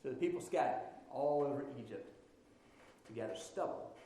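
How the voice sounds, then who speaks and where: A man preaching in a church sanctuary, his voice swooping up and down with lively energy. The tone is mellow and relaxed, and the talk is loose and playful, full of asides to the congregation. Everything rings in a very echoey hall. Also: mid-range voice, normal speed. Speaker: pastor. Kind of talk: sermon.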